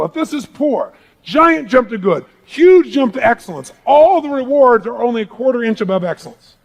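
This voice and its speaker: Man, motivational speaker, emphatic, audience call-and-response, high pitch, crowd in a large room. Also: expressive, moderate pace, highs cut off. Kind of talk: live motivational seminar talk.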